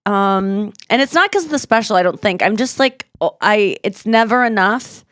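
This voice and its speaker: A woman's voice: medium pitch, expressive, fairly bright tone, clear, resonant tone, no echo. Rambling woman hosting a comedy podcast. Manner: rambling, self-interrupting, quick to laugh. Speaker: podcast host. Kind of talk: casual comedy podcast chat.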